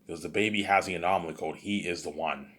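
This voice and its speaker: A man spins an improvised story in a loose, boastful ramble, tripping over restarts and leaning on the same filler phrases again and again. His voice is low and husky, with a breathy roughness. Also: quick pace, a bit bright. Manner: repetitive filler, stumbling restarts. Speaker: storyteller, vlogger.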